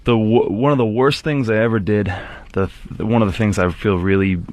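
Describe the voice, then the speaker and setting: A man's voice: fairly low pitch, steady tone, a little fast, darkish tone. A man who used to sell cars, telling stories in a casual podcast chat. He often stops, restarts and repeats his words. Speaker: former car salesman, guest.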